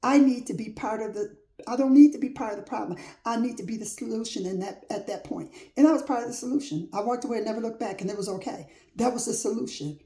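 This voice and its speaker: Talking fast in a warm, higher-pitched voice, this woman offers an informal motivational message rooted in faith. Her delivery has a forceful, repetitive preaching rhythm and folksy language, with a roomy echo around it.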